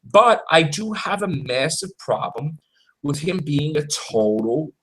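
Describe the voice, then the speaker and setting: Man, casual fan chat, lively swooping pitch, fairly high voice, exclaiming. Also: slow pace, rough recording. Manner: animated, exclaiming, acts out quotes.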